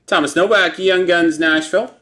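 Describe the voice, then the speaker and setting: A man hosting a live card break, briskly listing player names and teams and chuckling over hard names. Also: sits high. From Canada. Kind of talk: live sports card break, calling out pulls. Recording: noisy room with card-pack crinkling.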